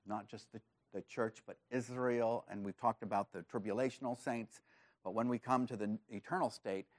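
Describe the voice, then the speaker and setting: A male pastor preaching a sermon, earnest and emphatic, rising to excited emphasis on key points. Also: fairly low pitch, no room sound, clean studio sound.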